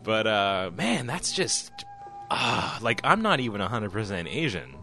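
Casual podcast co-host, male, low and very expressive, acts out quotes, music bed under the talk. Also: a little slow. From Canada. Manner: animated storyteller, swears freely, acts out quotes. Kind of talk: casual chat.

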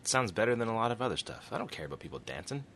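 A man with a bright, sharp tone and a lively, swooping pitch trades wry jokes in loose conversation, swearing freely. Faint background noise runs behind him. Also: rapid-fire, creaky. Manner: wry, joking, swears casually. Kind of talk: casual chat.

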